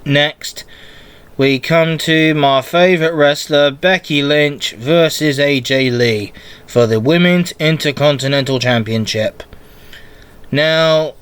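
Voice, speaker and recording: Solo and sick with a cold, this wrestling podcast host drifts through his thoughts at a slow pace, often breaking off to begin sentences again. He has a slightly high, smooth voice with a fairly bright tone.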